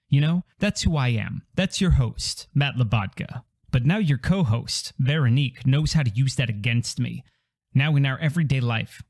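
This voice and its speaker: A man's voice: mid-range voice, darkish tone. A man hosting a comedy podcast, ranting in a grumbling, sarcastic, self-mocking way. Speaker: podcast host.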